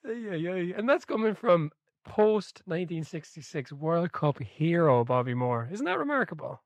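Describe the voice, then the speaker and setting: A man's voice: on the high side, unhurried, dry recording, highs cut off. A man co-hosting a casual chat about a football book, telling stories with laughter and the odd swear word. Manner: animated storyteller, swears, laughs mid-sentence. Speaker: podcast co-host.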